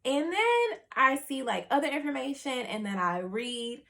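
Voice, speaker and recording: A young woman vlogger telling a personal story in a chatty, animated way, full of "like" and "you know.". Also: high voice, a little slow, gravelly. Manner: animated, acts out her family's reactions.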